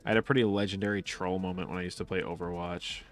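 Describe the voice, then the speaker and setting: Low-voiced man streaming a game casually. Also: steady tone, fast talker, soft background music. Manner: casual, profane, rambling storytelling with frequent laughs. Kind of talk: casual live-stream chat while playing.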